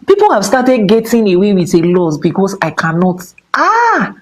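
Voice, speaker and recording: A Nigerian woman, an Ifa priestess, giving a casual spiritual talk, dropping into hushed whispers and rising to high exclamations. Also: wildly swooping pitch, normal speed, a little hiss or hum, poor audio.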